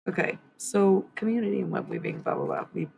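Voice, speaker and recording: A woman's voice: lowish voice, huge pitch swings, a little fast, vocal fry, darkish tone, a little hiss or hum, rough recording. A woman hosting a livestream card reading in casual chat, blunt and swearing freely, talking back sharply.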